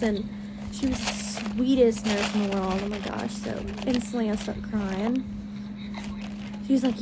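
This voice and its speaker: A woman's voice: medium pitch, fairly even intonation, a little slow, long pauses, very noisy. A young woman, talking casually and candidly to her stream viewers, full of fillers and restarts, sounding tired while pregnant and in hospital.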